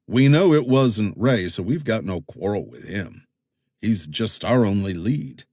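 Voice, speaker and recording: A wary young investigator from Tennessee in an audiobook, voiced by a male narrator, answering in guarded, dry lines. The voice is low and the recording dry. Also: lively intonation, unhurried, a little mellow, no room sound.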